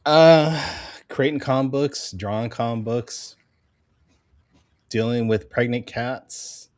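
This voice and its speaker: A man's voice: mid-range voice, takes it slowly, dry recording. A man hosts a casual comics podcast, teasing his co-host and opening with a mock ringmaster introduction. His voice sits in a middle register. The mic is close and dry, with no room sound. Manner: playful, joking, announcer flourish.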